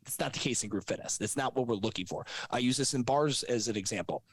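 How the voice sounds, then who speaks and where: Brash swearing consultant guy, talks super fast, no room sound. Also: mid-range voice, slightly rough, dry recording. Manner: brash, profane, animated. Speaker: gym business consultant. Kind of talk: casual podcast conversation.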